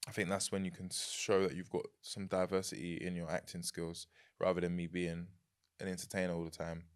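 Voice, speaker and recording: A young man with a London accent, chatting as a podcast guest, animated and quick to laugh. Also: low-pitched, clear, resonant tone. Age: young adult. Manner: animated, laughs easily, repeats words. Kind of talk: casual chat.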